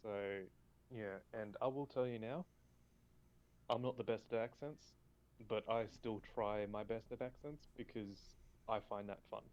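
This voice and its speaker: A man's voice: lowish voice, unhurried, a little mellow, dull audio. A man running a tabletop game, explaining at length in a casual chat with many fillers. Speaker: game master.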